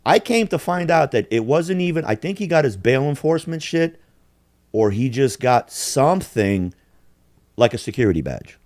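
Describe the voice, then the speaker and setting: A man's voice: mid-range voice, very animated, normal speed, darkish tone, no echo, clean studio sound. A man in his forties hosting a podcast, telling stories in a blunt, profane, rambling way. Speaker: podcast host. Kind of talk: casual storytelling chat.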